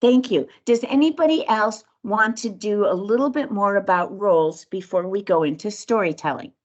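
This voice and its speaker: A woman's voice: medium pitch, moderate pace. A woman speaking coach leading an interactive session over a video call, upbeat and encouraging. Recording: dull lo-fi video call audio.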